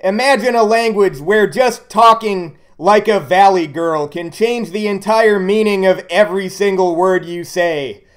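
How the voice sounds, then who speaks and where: A man delivering a blunt, sarcastic rant as a video commentator. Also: sits high. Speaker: YouTube commentator.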